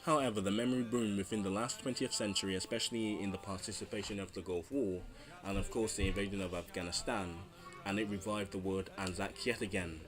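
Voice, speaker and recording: A man's voice: lowish voice, fairly even intonation, a little fast. A man reading a history narration and then chatting through a casual, jokey outro, earnest and rambling.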